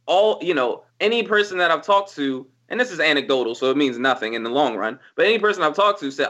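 A man talking on a podcast in casual chat, animated and emphatic, swearing freely as he argues his point. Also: fairly high pitch, fast talker, few pauses. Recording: dull lo-fi recording.

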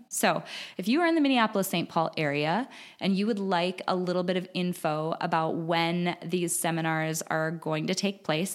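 A woman in her thirties hosting a podcast from home, chatting casually and enthusiastically with lots of fillers. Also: fairly low pitch. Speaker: podcast host. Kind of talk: casual solo podcast talk.

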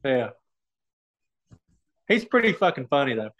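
A man's voice: medium pitch, sing-song, unhurried, fairly bright tone, dull audio. A man talking casually as a podcast guest, swearing freely and laughing as he tells stories about fans. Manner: swears a lot, laughs while telling stories. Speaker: guest, online comedian.

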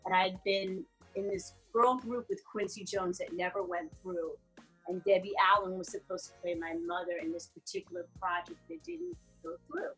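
A woman in her forties, an actress being interviewed, telling stories about her career in a relaxed, chatty way and laughing often. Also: medium pitch, moderate pace, husky, faint music behind. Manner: laughs often, animated storytelling. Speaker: guest actress. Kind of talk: casual interview chat.

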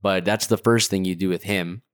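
A man's voice: deep voice, steady tone, moderate pace, clean tone, no room sound, clean studio sound. A man co-hosting a casual football podcast, giving blunt, frank opinions. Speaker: podcast co-host.

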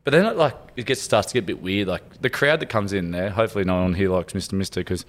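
A man's voice: deep voice, quick pace. A young Australian man, a podcast co-host, telling stories in casual chat, rambling with lots of fillers and swearing.

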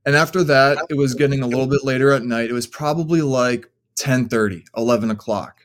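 A young man tells a long story as a podcast guest. He rambles along, packing his sentences with fillers, in a voice of ordinary middle pitch for a man. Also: fairly quick. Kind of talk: casual storytelling.

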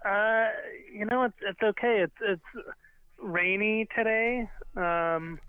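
A man's voice: high voice, slow pace, clean tone. A man in his thirties calling in to a podcast, easygoing, with many fillers. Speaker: caller. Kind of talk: casual chat on a phone call. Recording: tinny phone line.

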